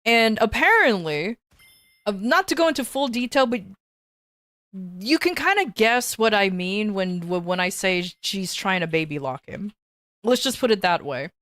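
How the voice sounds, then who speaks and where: A woman on a casual livestream tells a long story, swearing freely and restarting her sentences. Her voice sits at a medium pitch. The recording is dry and close, with no room sound. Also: big pitch swings, moderate pace, a bit bright, no echo. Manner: profane, rambling, many restarts and fillers. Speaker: streamer.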